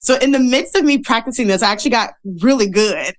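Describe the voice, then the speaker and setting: A woman guest on a podcast, telling stories casually and acting out the voices of people she quotes. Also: fast. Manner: animated, acts out quoted voices with big pitch jumps. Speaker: podcast guest, model and speaker. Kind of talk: casual interview storytelling.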